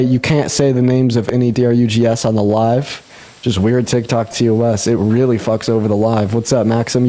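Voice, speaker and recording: A young man hosting a casual livestream debate, talking fast, laughing and swearing, with sudden jumps up in pitch when he gets excited. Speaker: livestream host.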